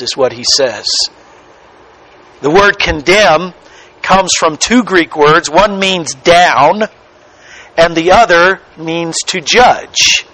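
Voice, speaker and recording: Slow, high-voiced preaching man. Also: bright, forceful tone, low-quality recording. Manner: slow, emphatic preaching with drawn-out key words. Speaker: pastor. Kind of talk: sermon.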